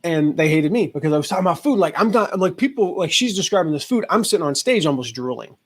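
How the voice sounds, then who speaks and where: Guy on a podcast telling a story, slightly high voice, does the voices of the people in it. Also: fast talker, breathy edge. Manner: animated storyteller acting out quoted voices. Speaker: guest, affiliate marketing expert.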